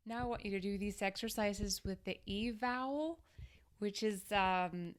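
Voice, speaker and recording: A woman singing teacher giving a vocal lesson to camera, guiding each exercise step by step in a calm, instructive way. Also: mid-range voice, moderate pace.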